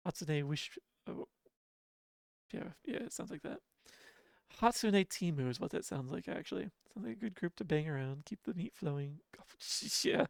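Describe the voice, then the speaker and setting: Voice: medium pitch, lively intonation, moderate pace, gravelly, dry recording, clean studio sound. A livestreamer chatting casually with viewers from home, laughing often and poking fun at themselves. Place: home apartment.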